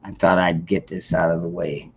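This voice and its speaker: Late at night, a man with a deep, slightly rough voice runs a casual livestream, speaking at normal speed in a steady tone as he rambles and greets chatters by name. It comes through as dull, lo-fi stream audio.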